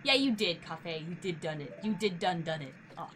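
A woman streamer giving casual let's-play commentary, chatty and talking to herself and the game, swinging between nervous and excited. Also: on the low side, normal speed, a little hiss or hum.

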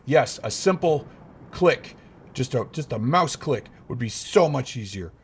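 A man's voice: medium pitch, animated, a little slow, a little hiss or hum. A young man playing a horror game and commentating nervously, muttering to himself and yelping when startled. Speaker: gaming YouTuber.

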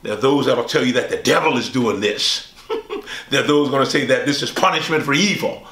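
A male pastor teaching a Bible study, swooping high on quoted lines and asking the listeners questions. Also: a little fast, fairly bright tone, reverberant.

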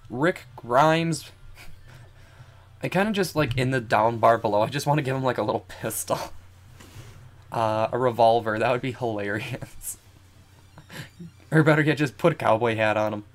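A young adult streamer giving casual, rambling commentary while playing a game, often breaking into giggles. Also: mid-range voice. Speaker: let's play streamer.

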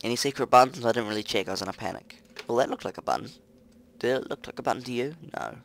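A young man giving let's play commentary over a close mic, muttering to himself and breaking into loud, excitable outbursts. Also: medium pitch, quick pace, creaky. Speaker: gaming commentator. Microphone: close desk mic.

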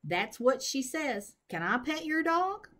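A wide-eyed five-year-old girl speaks bluntly and earnestly, drawing some of her words out slowly, as a woman reading a storybook puts her on. She rises in pitch when she gets excited about what she wants. She sounds solemn and eager. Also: full character voice.

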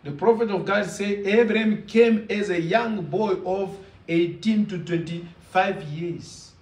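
Slow, high-voiced preacher in an echoey room. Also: male voice, distant mic. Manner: emphatic, repetitive preaching. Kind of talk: sermon.

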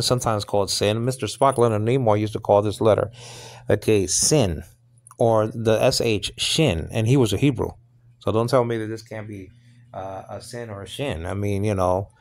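A man's voice: lowish voice, dry recording. A middle-aged man teaching a casual Bible study, rambling with many fillers, repeated asides and restarts.

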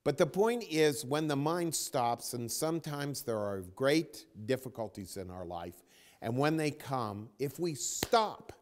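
A man giving a spiritual talk as a teacher, telling a story with dramatic pauses and dropping to a near whisper. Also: mid-range voice, expressive. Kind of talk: spoken dharma talk.

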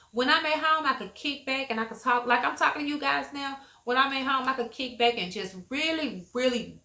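A woman's voice: high voice, pushed and bright, echoey room. A middle-aged woman with a Southern US accent chatting frankly in a family vlog, lecturing like a mother. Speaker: vlogger, mother. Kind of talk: casual family vlog chat.

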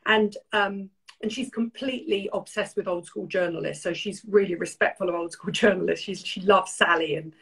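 A woman's voice: mid-range voice, steady tone, moderate pace, creaky, fairly bright tone, poor audio. An older British woman hosting a casual beauty chat, opinionated and chatty, telling stories full of quoted lines. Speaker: beauty show host.

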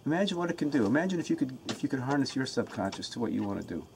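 An earnest man talks to his camera at home, fired up and eager to share a self-help routine. His voice sits at an ordinary middle pitch, and he often restarts and repeats his words. A faint hiss runs beneath the recording. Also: big pitch swings, rapid-fire, creaky, a little mellow. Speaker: motivational vlogger.

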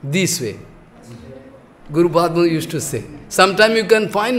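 A man's voice: sits high, animated, moderate pace, a bit bright. A man giving a sermon as a spiritual teacher, emphatic and scolding. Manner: scolding, emphatic, mixes laughter and mock dialogue.

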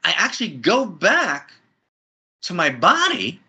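A man's voice: high voice, huge pitch swings, takes it slowly, sharp tone, husky. A man speaking as an interview guest in a spiritual conversation, effusive and building to soaring emphatic peaks, talking from a friend's house.

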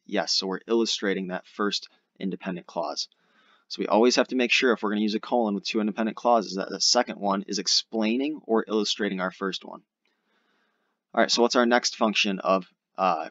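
Young male tutor, low voice, relaxed explainer, dry muffled mic. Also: no echo. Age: young adult. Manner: casual, explanatory, uses fillers like "all right". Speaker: SAT tutor. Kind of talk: screen-recorded grammar lesson.

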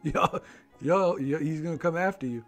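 A man in his thirties, a slightly hoarse gaming host, chatting playfully and teasing his young son while they play, laughing often. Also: a little high, normal speed, soft background music. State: a little hoarse, losing his voice. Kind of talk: casual gameplay commentary.

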